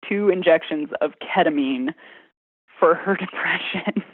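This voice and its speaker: A woman's voice: lowish voice, measured pace, slightly rough, no echo. Woman guest on a tinny line. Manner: laughs often, animated storytelling. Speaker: ER nurse guest. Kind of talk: casual conversation. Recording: phone-like remote audio.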